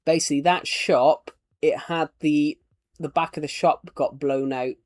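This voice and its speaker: A man's voice: fairly high pitch, steady tone, unhurried, no echo. A man chatting casually while streaming a game, rambling and chuckling at his own jokes. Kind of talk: casual gameplay chat.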